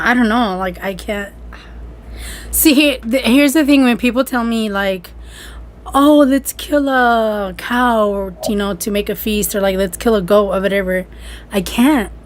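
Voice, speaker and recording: A woman's voice: mid-range voice, slight background noise. A young woman co-hosting a food podcast in casual chat, giggly and hesitant, with lots of "like". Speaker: podcast co-host.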